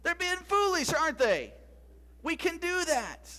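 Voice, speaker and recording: A man's voice: very high voice, very animated, measured pace, pushed and bright. A middle-aged man preaching a sermon in a conversational way, often putting questions to his listeners. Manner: conversational, asks the congregation questions. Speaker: pastor.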